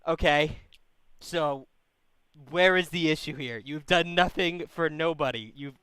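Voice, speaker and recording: A man's voice: on the high side, measured pace, bright, forceful tone, smooth, dry recording. A male call-in host giving blunt, profane relationship advice. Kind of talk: call-in advice show banter.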